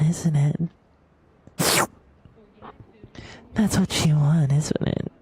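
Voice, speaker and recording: A woman voicing a playful, taunting young woman in a slow, breathy whispered role-play on an ASMR microphone. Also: on the low side, mellow, voice pushed down, full character voice, rough recording.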